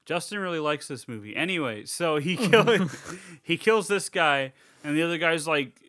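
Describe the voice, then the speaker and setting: A podcast co-host whose voice sits on the high side talks at a moderate pace in a casual chat reviewing a horror movie. He gets animated, swears a lot, and acts out scenes in comic voices.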